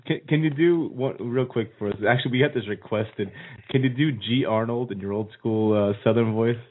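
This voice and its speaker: A man's voice: mid-range voice, fairly quick. A male radio host interviewing a guest, enthusiastic and laughing often, with crude humor. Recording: tinny phone-like sound.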